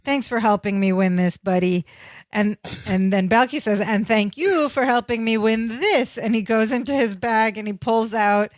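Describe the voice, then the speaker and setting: A woman's voice: on the high side, moderate pace, no room sound. Woman narrating a sitcom recap on a podcast. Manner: narrates plot, quotes dialogue, laughs easily. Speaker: podcast co-host. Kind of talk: casual chat.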